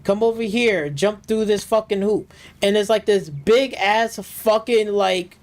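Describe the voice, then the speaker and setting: A man's voice: high-pitched, rough recording. Profane ranting man streaming gameplay. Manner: loose, filler-heavy, restarts. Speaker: gaming streamer. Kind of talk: live gameplay commentary.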